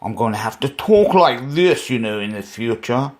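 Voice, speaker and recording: A man's voice: medium pitch, lively intonation, normal speed. Rambling Geordie man previewing horse races. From North East England. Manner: rambling, opinionated, frequent fillers and restarts. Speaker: racing tipster podcast host. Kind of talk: casual solo podcast, race preview.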